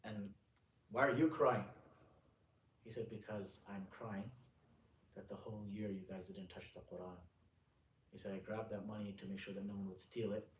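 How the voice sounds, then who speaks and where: A man, an Islamic scholar, giving a religious lecture to a gathering. He tells stories casually, then slows down and speaks with emphasis when he explains sayings. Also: on the low side, flat delivery, a little mellow, a little hiss or hum. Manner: casual, conversational storytelling with frequent "you know" and restarts. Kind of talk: religious lecture with a storytelling anecdote. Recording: roomy, distant mic with faint ambience.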